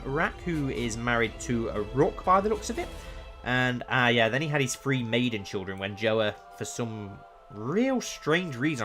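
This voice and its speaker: A man of middle pitch talks through his strategy game in a relaxed, rambling way, thinking aloud as he goes. He bursts into excitement now and then. Faint music sits underneath. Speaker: let's play streamer. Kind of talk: casual gameplay commentary.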